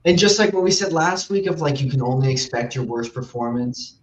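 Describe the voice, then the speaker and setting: A man's voice: mid-range voice, animated, fairly quick, roomy sound, highs cut off, a little hiss or hum. A man co-hosting a podcast in casual chat, summing up in short phrases.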